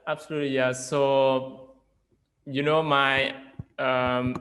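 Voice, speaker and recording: A man's voice: mid-range voice, flat delivery, slow, fairly bright tone, slight background noise, rough recording. A young man from Laos with a Lao accent, an English teacher talking casually and hesitantly, with many fillers and restarts. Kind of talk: casual interview chat.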